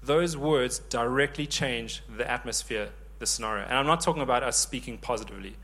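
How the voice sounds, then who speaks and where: A man in his thirties preaching a sermon, lively and joking with the congregation. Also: mid-range voice, brisk. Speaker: pastor.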